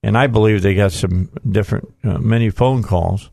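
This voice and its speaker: A man's voice: on the low side, normal speed, creaky, darkish tone, no room sound, studio quality. A man hosting a radio talk show, folksy and rambling with frequent fillers.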